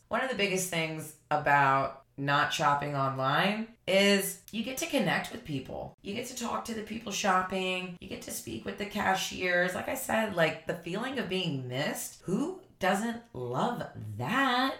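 A woman's voice: on the low side, expressive, unhurried, hardly any pauses, a bit bright. A woman from Tennessee telling a personal story in a chatty, earnest way, with lots of likes and you knows, sharing a lesson as a motivational speaker. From Tennessee, USA. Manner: chatty, earnest, filler-heavy. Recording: echoey room.

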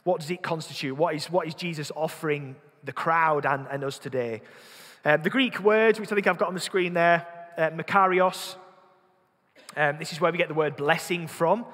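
In a church with long hall reverb, a man with a Yorkshire accent preaches an earnest sermon, repeating words as he thinks and questioning the congregation. His voice is a little high and a bit bright.

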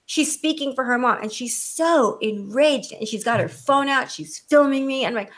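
An adult woman telling a story in casual chat, blunt and animated, swearing freely, with a condescending edge she admits to. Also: sits high, moderate pace, few pauses. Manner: self-described condescending.

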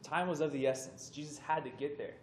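A young man tells a story to a youth group in a casual, animated way, acting out the voices of the people in it. His voice sits a little high. He was recorded in an echoey hall with faint background noise. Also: a little fast. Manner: animated, conversational, acts out voices in stories. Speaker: youth speaker.

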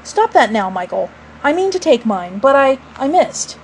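A woman's voice: high-pitched, big pitch swings, normal speed, a little hiss or hum, low-quality recording. A woman voicing a proud, blustering middle-aged father who talks pompously and indignantly.

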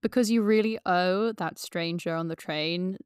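Host: woman, lowish voice, frank and reactive, dry close sound. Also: unhurried, clear, resonant tone, no room sound. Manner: frank, reactive, swears freely. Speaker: podcast host. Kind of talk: casual chat.

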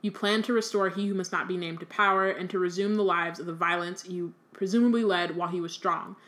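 A woman's voice: lowish voice, fairly even intonation, brisk, fairly bright tone, natural voice. A woman reading aloud the lines of a stern older male judge in her own voice, formal and severe.

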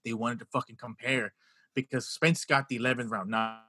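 A man co-hosting a boxing podcast, chatting casually and excitedly, swearing and repeating himself as he makes his picks. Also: medium pitch, moderate pace. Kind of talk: casual chat.

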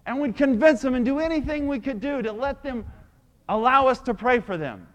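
High-voiced, dramatic male preacher. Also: expressive, brisk. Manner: dramatic, swings between hushed and loud. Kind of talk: sermon storytelling.

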